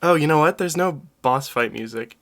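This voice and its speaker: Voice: medium pitch, moderate pace, a bit bright. A streamer chatting casually while playing a game with friends, rambling and self-interrupting. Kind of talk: casual gameplay stream chat.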